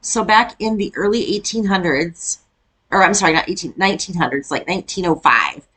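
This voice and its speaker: A woman's voice: lowish voice, a little fast, bright, forceful tone, slightly rough. A middle-aged woman from Iowa, chatting casually as she reacts to a video and rants with laughs. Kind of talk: casual chat reacting to a clip.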